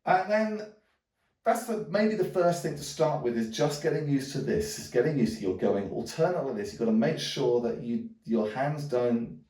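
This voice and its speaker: A man's voice: medium pitch, expressive, normal speed, a little mellow, reverberant, recorded from a distance. A man teaching a djembe lesson, rambling with lots of "sort of" and "um", calling out drum strokes as he plays. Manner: calls out drum strokes aloud while playing. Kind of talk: hands-on music lesson. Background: djembe drumming.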